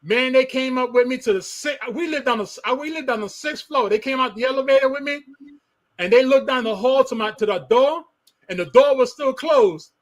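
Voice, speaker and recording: A high-pitched man spins a story in casual chat. He is animated, acts out sounds and bursts out loud at moments. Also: fairly quick.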